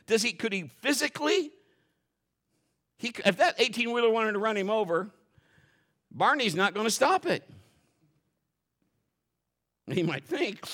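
A middle-aged man preaching a sermon in a folksy, animated way, acting out quotes and dropping to a whisper for emphasis. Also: sits high. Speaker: pastor.

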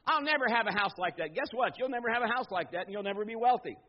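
High-voiced preaching pastor, man. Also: animated, quick pace. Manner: dynamic preaching, swings from loud emphatic to low and quiet. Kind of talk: sermon. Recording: slightly dull lo-fi sound.

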